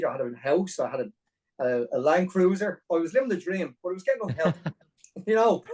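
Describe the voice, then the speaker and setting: A man in his forties from Dublin with an Irish accent, a podcast guest telling his story in a lively, self-deprecating way with many restarts. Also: a little high, recorded from a distance, poor audio. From Ireland. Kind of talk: conversational storytelling.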